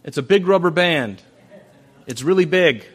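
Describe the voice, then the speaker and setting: A male pastor giving a sermon in a conversational way. He swings between loud, emphatic lines and soft, hushed passages, and often repeats phrases. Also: a little high, expressive, moderate pace, husky.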